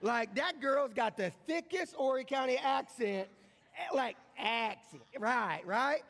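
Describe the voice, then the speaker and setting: A man's voice: extremely high pitch, lively intonation, slow, vocal fry, fairly bright tone. A middle-aged man preaching a conversational sermon, often repeating words and putting questions to the congregation. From American Midwest. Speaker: pastor. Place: large church sanctuary. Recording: church livestream with long hall reverb.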